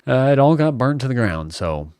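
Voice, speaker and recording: A man's voice: medium pitch, very animated, a little fast, a little mellow, clear, resonant tone, dry recording. A man casually telling a personal childhood story in a chatty, self-mocking way, with wry asides to his listeners.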